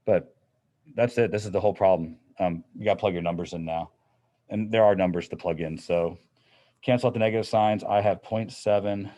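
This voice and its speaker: Low-voiced man teaching a class. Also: fairly even intonation, a little fast, mellow. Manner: casual, conversational explaining. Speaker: physics teacher. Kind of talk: classroom lecture.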